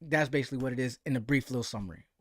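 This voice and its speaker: A man's voice: mid-range voice, racing, dry recording, clean studio sound. A young American man hosting a live stream. He chats casually and loosely about boxing, full of slang and repeated fillers. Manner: loose, slangy, repeats "you know what I'm saying". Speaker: livestream host. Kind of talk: casual live chat reading viewer comments.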